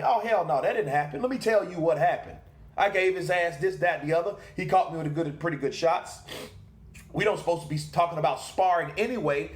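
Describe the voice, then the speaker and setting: A man giving a casual boxing commentary monologue, animated and rhetorical, who asks questions and then answers them himself. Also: on the high side, echoey room.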